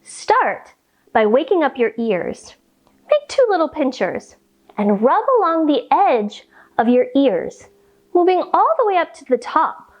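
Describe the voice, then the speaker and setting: A woman's voice: high-pitched, big pitch swings, a little slow, lo-fi sound. A woman guiding a children's yoga class in a playful, sing-song, coaxing way. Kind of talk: guided kids' yoga class.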